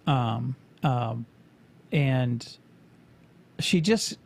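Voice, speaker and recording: A man's voice: medium pitch, animated, very slow, creaky. A man co-hosting a podcast, chatting casually in a rambling, profane, joking way. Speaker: podcast co-host.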